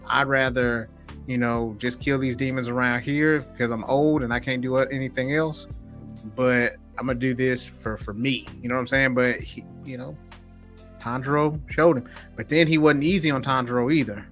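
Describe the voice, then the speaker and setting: Here a man co-hosts a loose group chat about film and TV, speaking at a middle pitch. He animates his points with little acted-out quotes and laughter, and faint music sits under the recording. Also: steady tone, normal speed, fairly bright tone. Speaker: podcast co-host.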